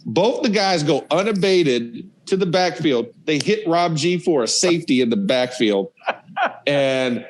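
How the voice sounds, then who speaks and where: A man's voice: on the high side, measured pace, low-quality recording. A man, a former college lineman, telling football stories playfully as a podcast guest. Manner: excited, playful storyteller who acts out scenes. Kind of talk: casual storytelling on a podcast.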